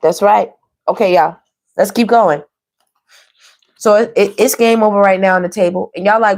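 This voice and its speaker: A woman's voice: medium pitch, moderate pace, pauses often, a little mellow. A woman doing a casual online tarot reading, chatty and playful, who laughs often and talks straight to her viewers. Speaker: tarot reader.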